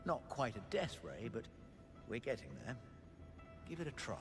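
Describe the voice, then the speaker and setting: An actor playing a composed male gadget master briefing an agent in a game cutscene, measured and courteous. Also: medium pitch, huge pitch swings. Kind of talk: video game cutscene dialogue. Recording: game audio over a music score.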